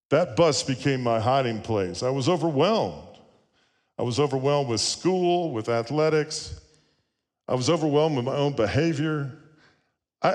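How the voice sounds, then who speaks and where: A male pastor delivering an earnest sermon at a middle pitch, telling stories and posing rhetorical questions. His voice carries through a church sanctuary. A long reverb follows each phrase.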